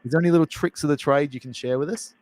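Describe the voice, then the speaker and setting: A man's voice: on the high side, very fast, darkish tone, poor audio. A man hosting a live cooking show, chatty, jokey and self-deprecating. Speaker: host.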